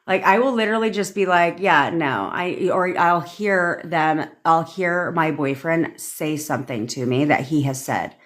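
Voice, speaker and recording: Woman, low voice, casual livestream chat, swears freely, talks straight to viewers. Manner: chatty, frequent profanity, addresses viewers by name. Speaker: manifestation coach. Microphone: phone.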